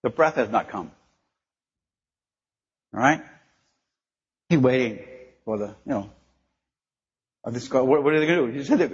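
A man's voice: medium pitch, animated, normal speed, long pauses, husky. An older man giving a chatty, informal sermon, acting out voices in the stories and laughing often. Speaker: preacher. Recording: dull recording with long hall reverb.

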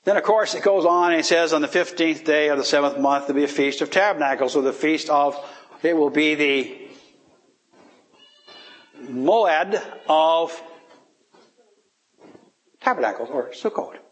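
A man's voice: measured pace, pauses often. A man giving an informal Bible teaching, asking his listeners rhetorical questions and chuckling as he explains. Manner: rhetorical questions, chuckles, pitch swings for emphasis.

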